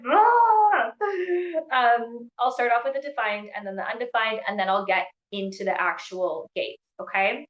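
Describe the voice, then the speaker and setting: A woman coaching a live online workshop, bubbly and excitable, with words tumbling out around constant "like"s. Her phone picks her up in a roomy, echoey space, and the sound is a little dull and muffled. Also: medium pitch. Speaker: coach leading an online training. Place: indoors in Scotland during a storm.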